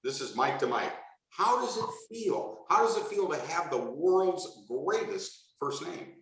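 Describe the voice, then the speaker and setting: Lively man hosting a video call roll call. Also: fairly high pitch, measured pace, very echoey, far from the mic, poor audio. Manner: enthusiastic, jokey, repeats greetings. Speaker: host of a video call meeting. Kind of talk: upbeat welcome roll call.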